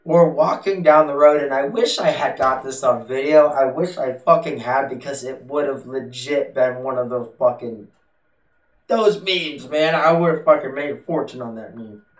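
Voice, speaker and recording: A man's voice: medium pitch, moderate pace. A man vlogging to camera, telling a story in a blunt, casual way and swearing freely. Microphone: desktop USB mic. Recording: echoey room, distant from the mic.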